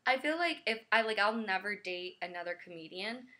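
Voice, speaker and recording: A woman comedian chatting casually as a podcast guest, quick with asides and laughing often. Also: medium pitch, expressive, sharp tone.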